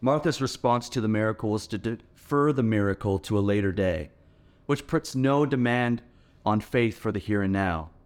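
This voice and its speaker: Guy preaching a sermon, kinda low voice, earnest and emphatic. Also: normal speed. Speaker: pastor.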